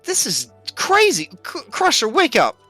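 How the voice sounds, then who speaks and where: A man voicing an excitable young woman who gasps and cries out in disbelief. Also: a little slow, faint music behind, heavily acted. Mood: shocked. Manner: shrill exclamations, rising to near-shouts. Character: excitable high-voiced young woman, dramatic and tearful.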